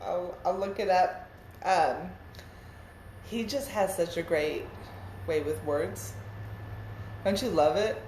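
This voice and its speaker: A woman's voice: on the low side, takes it slowly, long pauses, darkish tone, roomy sound, slight background noise, low-quality recording. A young woman reading children's poems aloud in a casual, playful way, laughing between verses. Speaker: poetry reader.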